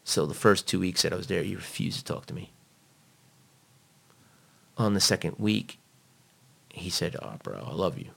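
A man being interviewed, telling a personal story in a blunt, profane, animated way. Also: low-pitched, moderate pace, creaky, pauses often.

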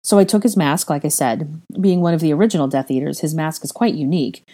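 Cocky young man voiced by a woman, low, warm, boastful, audiobook reading. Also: fast talker. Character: reckless cocky young man, teasing storyteller. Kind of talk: fan fiction audiobook reading.

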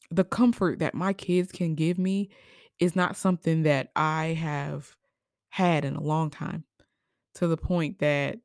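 A young woman hosting a personal podcast, speaking emotionally and haltingly, with many fillers, and at times crying. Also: low voice, clean tone, no room sound, clean studio sound. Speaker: podcast host. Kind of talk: personal reflective monologue.

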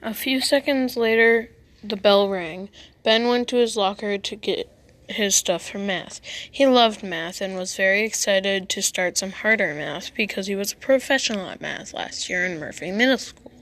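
A woman's voice: mid-range voice, normal speed, a bit bright, no room sound. Woman reading a school story aloud.

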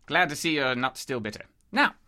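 Posh english explorer guy, played by a man, fussy, bright voice, bounces all over. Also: medium pitch, very animated, fairly quick. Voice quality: pompous, fussy. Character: pompous English gentleman explorer. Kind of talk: audio drama acting.

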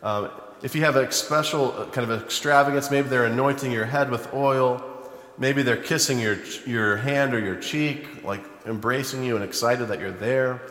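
Man, preacher, casual storytelling sermon, mid pitch, long reverb. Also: moderate pace. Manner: conversational storytelling, animated when quoting. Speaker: pastor. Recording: echoey hall, long reverb.

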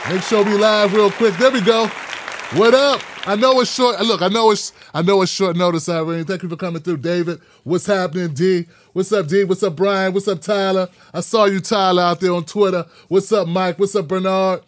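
A man hosting a live podcast, talking in an animated, preachy way and repeating phrases for emphasis. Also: sits high, moderate pace, some chatter behind, slight background noise. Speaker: podcast host. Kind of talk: live-streamed podcast talk.

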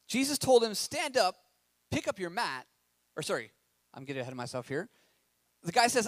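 A man with a high voice preaches a sermon, moving between reading scripture and chatty, animated asides. He asks his listeners questions as he goes. The sound is dry, with no room echo. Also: moderate pace, long pauses. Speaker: pastor.

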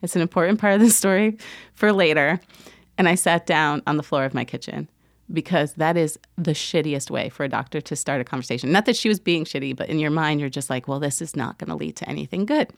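Lowish-voiced woman telling a personal story. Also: fairly quick, dry recording, clean studio sound. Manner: animated, acts out quoted voices, laughs often. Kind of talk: casual storytelling monologue.

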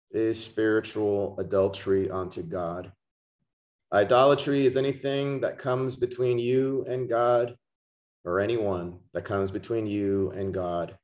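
A man preaching a podcast sermon, slow and emphatic, repeating key words for stress. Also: fairly low pitch. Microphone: podcast microphone.

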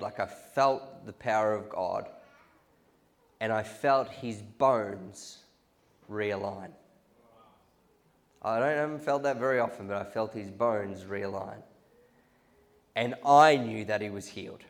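A man preaching a sermon, telling stories with animated restarts and repetitions. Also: fairly low pitch. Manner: storytelling, animated, restarts and repeats. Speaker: pastor.

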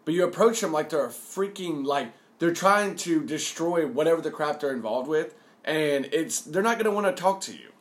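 A young man hosting a casual podcast chat, animated and acting out quotes loudly. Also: on the high side, normal speed. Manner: animated, acts out quotes in raised shouting voice. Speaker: podcast host.

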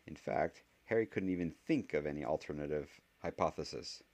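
A man narrating a fan audiobook in a steady storytelling manner. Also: extremely low pitch, normal speed. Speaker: audiobook reader.

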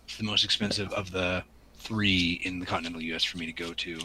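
A man from the Pacific Northwest talks casually on a podcast, his voice lowish and bright with a forward edge. He rambles and restarts, with a faint noise under the recording. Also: fairly even intonation, fast talker, low-quality recording. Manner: rambling, full of ums and restarts. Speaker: podcast co-host. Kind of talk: casual chat.

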